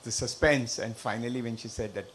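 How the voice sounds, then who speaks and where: Hesitant man, middle pitch, casual storytelling at a workshop, stop-start delivery. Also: steady tone, fairly bright tone, slight background noise. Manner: hesitant, halting with restarts and fillers. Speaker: workshop participant. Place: workshop room.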